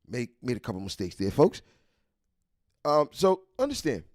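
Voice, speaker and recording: Speaking at normal speed in a mid-range voice with wildly swooping pitch, a New York man with a local accent hosts a live stream. He reads a list with casual commentary, restarting sentences and repeating himself along the way.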